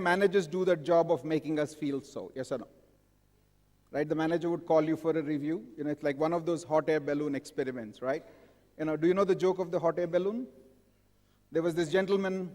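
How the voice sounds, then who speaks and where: Higher-voiced man in a reverberant hall. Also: fairly quick, a little mellow. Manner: engaging, asks the audience frequent questions. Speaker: conference speaker. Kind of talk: live conference talk. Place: large hall with a live audience.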